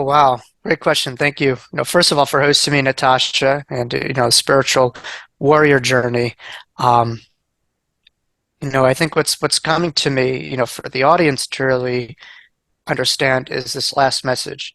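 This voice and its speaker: Male therapist guest, bright forceful voice, dry sound, earnest with lots of fillers. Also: medium pitch, vocal fry, no room sound. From United States. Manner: earnest, many fillers and restarts. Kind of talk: casual interview chat.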